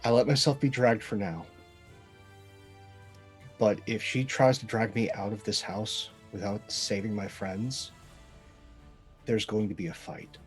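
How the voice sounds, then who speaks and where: A man playing in a tabletop game, describing his actions slowly and hesitantly. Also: lowish voice, steady tone, soft background music. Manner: slow, hesitant, with fillers. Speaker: player. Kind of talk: tabletop role-play.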